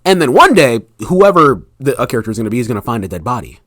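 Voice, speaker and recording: A man's voice: mid-range voice, fast talker, no room sound, clean studio sound. A young man, an author guest on a podcast, chatting casually and acting out scenes from his own book. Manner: animated storyteller, acts out scenes with quoted voices.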